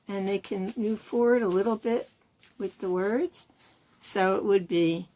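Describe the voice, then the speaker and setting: A woman's voice: mid-range voice, vocal fry, a little mellow. A woman hosting a puppetry channel, explaining puppet techniques in an encouraging, teacherly way. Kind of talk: instructional video.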